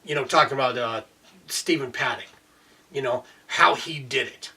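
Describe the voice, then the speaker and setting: Angry ranting man, husky voice. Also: medium pitch, normal speed, bright, forceful tone. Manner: heated, profane, full of fillers like "you know". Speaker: video blogger. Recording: voice distant from the mic.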